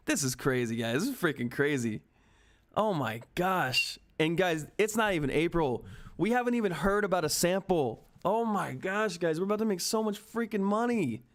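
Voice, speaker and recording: A young man commentating live on a stock chart, excited and frantic, often repeating himself. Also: high voice. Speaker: stock market streamer.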